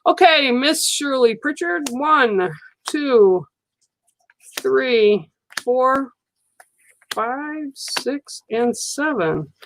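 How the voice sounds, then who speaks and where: A woman giving a live card reading to viewers, speaking in a slow, soothing and reassuring way, often checking in with "okay?". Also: high-pitched, expressive, fairly bright tone, a little hiss or hum, poor audio. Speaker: psychic card reader on a livestream. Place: studio.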